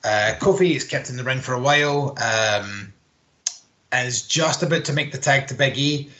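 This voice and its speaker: A man's voice: mid-range voice, moderate pace, pushed and bright, muffled recording. A man, co-hosting a podcast and recapping wrestling in a rambling, sweary, casual chat. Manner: rambling, sweary play-by-play with filler words. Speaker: podcast co-host.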